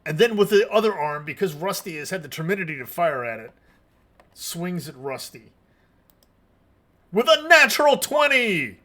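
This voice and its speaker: A man narrating combat as game master of a tabletop game, in a deliberate, measured way. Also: a little high.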